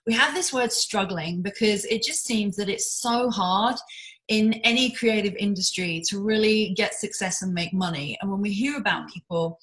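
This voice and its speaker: A woman's voice: mid-range voice, a bit bright, rough recording. Chatty woman interviewer on a video call. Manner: chatty, lots of fillers and restarts.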